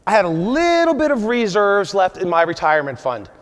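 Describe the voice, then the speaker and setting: A man's voice: high-pitched, very animated, fairly quick. A man in his forties giving an emphatic motivational keynote at a conference, often checking in with the audience with "right?". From USA. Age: 40s. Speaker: conference speaker. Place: large conference hall. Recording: long hall reverb.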